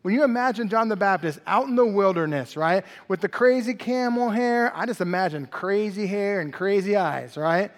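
A male pastor preaching an expository sermon in a conversational, animated way, often checking in with the congregation. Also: high voice, moderate pace, few pauses, big-room sound. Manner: conversational, animated preaching with frequent "right?" asides.

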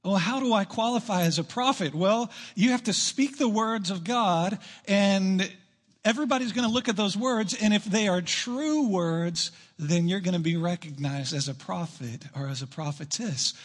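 A man preaching a sermon to his church, emphatic, rushing through asides and slowing down to stress key lines. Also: sits high. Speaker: pastor. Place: church sanctuary.

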